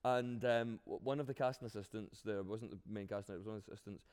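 A man with a Glaswegian accent, an actor answering interview questions in an animated way, often restarting his sentences. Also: on the low side, fast, clear, resonant tone, in a large hall.

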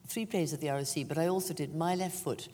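Low-voiced Irish woman in a reverberant hall. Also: fast talker, husky. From Ireland. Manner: animated, self-mocking storyteller with frequent laughter. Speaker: actress, interview guest. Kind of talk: anecdotal stage interview.

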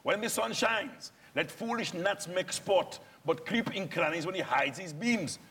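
A man's voice: high-pitched, expressive, a little slow, fairly bright tone, breathy edge, big-room sound, voice pushed up, exaggerated voice. A man reciting Shakespeare verse in character as a stern nobleman scolding his servant, in a Nigerian accent.

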